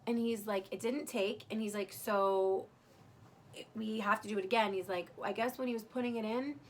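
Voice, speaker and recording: A woman's voice: mid-range voice, steady tone, normal speed, slight background noise. A young woman candidly recounting her birth story in casual, emotional storytelling, swearing freely.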